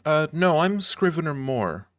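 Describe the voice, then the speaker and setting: A man's voice: a little high, very animated, unhurried, no room sound, studio quality, voice pushed up. Man doing a stammering, jittery dwarf librarian. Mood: nervous. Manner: stammering, anxious and rambling.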